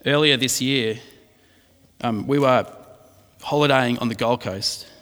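Here the same kind of preacher, a middle-aged man, tells chatty, self-deprecating stories and teaches earnestly within a sermon. His medium-pitched voice is unhurried and a bit bright, echoing with long hall reverb.

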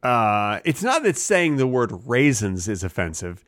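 A man co-hosting a comedy podcast, rambling through absurd tangents in a deadpan way and slipping into goofy voices when he quotes. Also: medium pitch, unhurried, no echo, clean studio sound. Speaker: podcast co-host.

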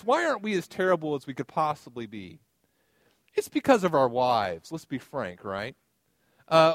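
A man's voice: fairly high pitch, fairly bright tone, dry recording. A man delivering a sermon as pastor, in a conversational style with personal stories and light humor.

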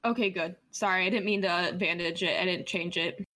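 A woman playing a tabletop game, chatting quickly and casually with the group. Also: fairly low pitch, steady tone, bright, forceful tone. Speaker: player.

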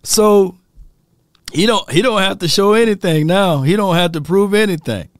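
A man's voice: sits high, normal speed, dry recording, studio quality. A man hosting a casual sports talk show, joking, laughing often and talking straight to his viewers.

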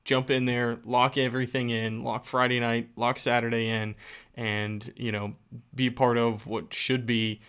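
A man's voice: mid-range voice, flat delivery, a little slow, fairly bright tone, clean tone. A man from West Virginia co-hosting a podcast, upbeat and urging, repeating phrases for emphasis. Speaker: podcast co-host. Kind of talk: casual podcast chat.

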